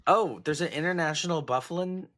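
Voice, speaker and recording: A man's voice: a little high, brisk, fairly bright tone. A man co-hosting a podcast, reading out headlines with giggling asides in casual chat. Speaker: podcast co-host.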